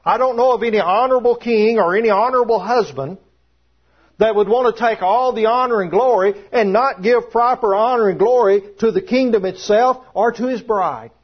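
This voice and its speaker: A man's voice: sits high, moderate pace, slightly rough. A man preaching a sermon to a congregation, emphatic and repeating his key phrases. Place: church room with congregation. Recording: dull lo-fi sermon recording.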